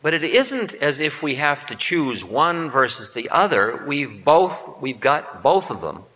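A man teaches on the spiritual life with a lively, swooping delivery and a bright, forceful edge to his voice. He jokes at his own expense and slips into little acted voices for his stories. The sound is dull and archival, with a long hall reverb trailing every phrase. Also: a little high, measured pace. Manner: playful, self-mocking humor; acts out quoted voices. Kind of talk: spiritual lecture.

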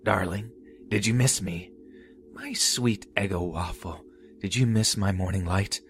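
A man's voice: low voice, a little slow, fairly bright tone, slight background noise, pitched above the performer's own voice. A man doing a crooning, unhinged clown stalker. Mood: crooning, menacing. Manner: sing-song lovesick taunting.

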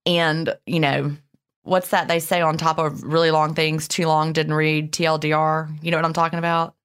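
Low-pitched woman co-host, chatty and heartfelt, laughing between restarts. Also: level tone, moderate pace, fairly bright tone, clean tone. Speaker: podcast co-host. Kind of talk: casual podcast chat.

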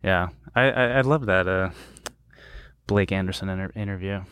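A man's voice: deep voice, normal speed, a bit bright, clear, resonant tone, no room sound. A man co-hosting a casual sports podcast, joking and swearing freely as he chats. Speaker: podcast co-host. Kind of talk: casual chat.

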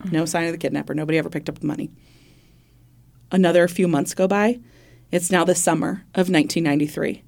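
Woman, low-pitched, casual true-crime storyteller, chatty podcast co-host, swears casually. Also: steady tone, fast talker, vocal fry, long pauses, a little mellow. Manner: conversational, laughs often, swears casually. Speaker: podcast co-host telling a case.

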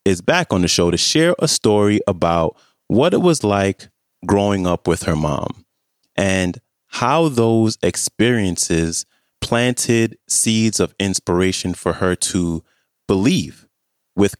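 A man introducing a guest on his show with a scripted, deliberate delivery. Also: low voice, no echo, clean studio sound. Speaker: podcast host.

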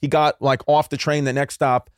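A man's voice: mid-range voice, normal speed, clean tone, no room sound, studio quality. A man in his thirties from New York, a comedian telling rambling, jokey stories in casual podcast chat. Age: 30s. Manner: rambling, animated storyteller with jokey asides. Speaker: guest comedian.

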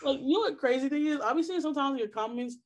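A woman with a notably high voice talks in a casual podcast chat. She is blunt and profane and breaks into laughter often. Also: racing. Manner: blunt, profane trash talk with frequent laughter. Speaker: podcast guest.

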